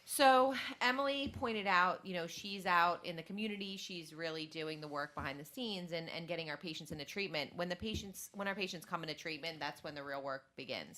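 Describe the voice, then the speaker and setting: A woman with a low, bright voice speaks as a guest on a studio radio show. She explains the steps of a treatment program in a plain, friendly way. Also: fairly quick. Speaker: clinical guest. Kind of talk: casual radio talk.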